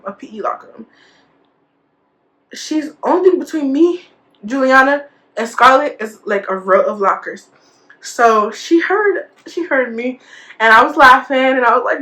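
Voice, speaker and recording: A woman's voice: on the high side, a little fast, bright, forceful tone. A young woman vlogger telling a school story in a casual, chatty way, full of fillers and quoted dialogue. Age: young adult.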